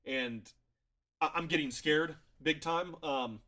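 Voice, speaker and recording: Man, rugby co-host, bright voice, slightly high, animated and jokey. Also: slow. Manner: animated, jokey, acts out players' thoughts. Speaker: podcast co-host. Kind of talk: casual rugby chat.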